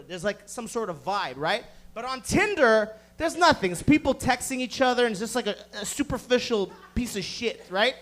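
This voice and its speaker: A man in his thirties doing a profane stand-up comedy set, loudly acting out the people in his stories. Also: extremely high pitch, animated, quick pace, few pauses. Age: 30s. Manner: profane, loud, acts out voices in his stories.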